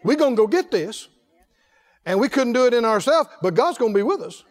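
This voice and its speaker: A man preaching a sermon, asking the congregation question after question in a folksy, animated way. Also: very high voice, fairly quick. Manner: folksy, laughs between points. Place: church. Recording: echoey hall reverb.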